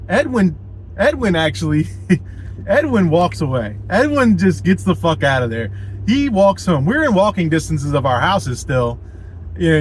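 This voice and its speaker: A man's voice: a little high, slight background noise, poor audio. A man telling a personal story in a casual vlog, rambling and swearing, with lots of fillers and "you know what I mean.".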